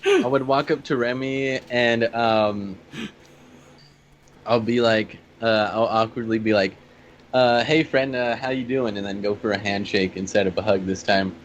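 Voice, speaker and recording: A man's voice: lowish voice, flat delivery, moderate pace, muffled recording, a little hiss or hum. A man playing a tabletop game, talking hesitantly with many ums and restarts. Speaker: player. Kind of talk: tabletop game role-play.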